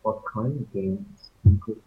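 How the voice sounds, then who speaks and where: Slow, halting man on a tinny call. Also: on the low side. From Taiwan. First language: Mandarin. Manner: hesitant, searching for words with many fillers and restarts. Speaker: language student. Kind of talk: online English conversation lesson. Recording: echoey, tinny call audio.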